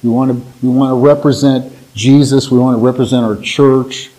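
A man's voice: mid-range voice, fairly even intonation, moderate pace, warm tone, low-quality recording. A man giving an informal Bible teaching to his church in a plainspoken, folksy, conversational way.

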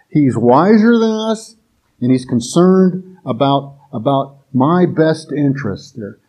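A man's voice: mid-range voice, expressive, slow, slightly rough, lo-fi sound. A man giving an informal sermon in a conversational way, often restarting his sentences and adding filler phrases. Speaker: preacher.

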